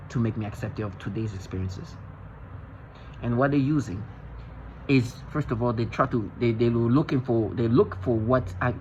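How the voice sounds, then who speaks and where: A man's voice: medium pitch, a little mellow, a little hiss or hum. Male vlogger, agitated and intense, keeps restarting sentences; muffled lo-fi sound. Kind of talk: rambling monologue to camera.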